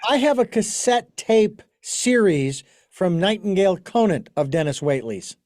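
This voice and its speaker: A man with a notably high speaking voice hosts a casual interview. He tells long, wandering anecdotes full of fillers and false starts. The sound is close and dry. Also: very animated, a little slow, darkish tone, dry recording. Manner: rambling storyteller with many restarts and fillers. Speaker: podcast host.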